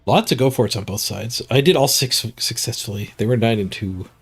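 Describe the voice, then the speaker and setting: A man's voice: medium pitch, brisk, breathy edge, soft background music. A man streaming a game, reading stats and musing casually to himself, a bit stuffed up. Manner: muttering to himself, chuckling at stats. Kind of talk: casual gameplay commentary.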